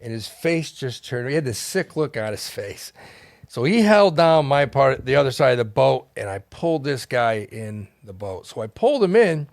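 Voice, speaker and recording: A man's voice: mid-range voice, normal speed, gravelly, no echo. Profane storytelling man, dry studio mic. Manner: animated, profane, laughs through his story. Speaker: podcast guest. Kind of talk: casual storytelling.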